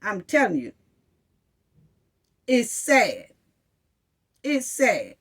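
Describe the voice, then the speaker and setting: A woman's voice: on the high side, very animated, slow, long pauses. A woman giving passionate, repetitive commentary to her viewers, mocking officials with quoted phrases. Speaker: commentary channel host.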